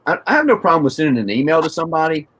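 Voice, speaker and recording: A man's voice: a little high, sing-song, very fast, a bit bright, breathy edge. A man hosting a casual chat, rambling and restarting as he asks questions. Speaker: host.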